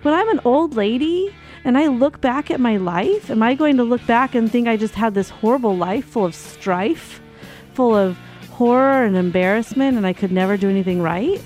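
A woman's voice: a little high, moderate pace, faint music behind. Laughing woman host telling a story. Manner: laughs often while telling stories, animated. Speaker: radio show host and marriage and family therapist. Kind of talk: casual storytelling monologue.

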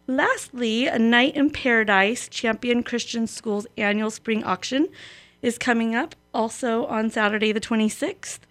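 A woman's voice: fairly high pitch, fairly bright tone. A woman radio host reading a poem aloud and then giving community announcements in a chatty, lightly joking way.

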